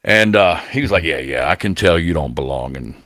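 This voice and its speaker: A man in his forties, a radio personality, telling a profane story with animated delivery and acted-out voices. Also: very deep voice, a little fast, no echo. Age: 40s. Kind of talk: storytelling anecdote on a talk show.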